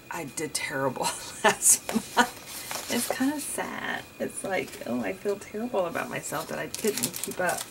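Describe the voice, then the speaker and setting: A woman's voice: mid-range voice, slight background noise, low-quality recording. A woman chatting casually to viewers while setting up her journal, rambling and often saying "you guys". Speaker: journaling vlogger. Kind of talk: casual chatty crafting tutorial.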